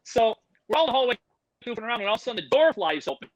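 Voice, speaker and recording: A man, a podcast guest who works with animals, telling a story in an animated way and swearing freely. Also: very high-pitched, racing, no echo, lo-fi sound.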